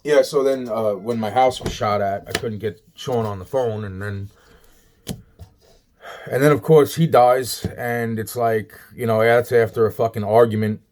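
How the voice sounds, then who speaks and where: A man's voice: mid-range voice, fairly even intonation, measured pace, darkish tone. A man in a rambling, agitated, profane monologue, repeating himself. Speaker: vlogger.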